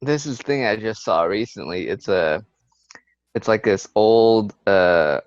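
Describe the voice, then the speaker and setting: Guy chiming in on a podcast, kinda low voice, muffled lo-fi sound. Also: lively intonation, measured pace. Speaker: podcast co-host. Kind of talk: casual chat. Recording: dull lo-fi sound.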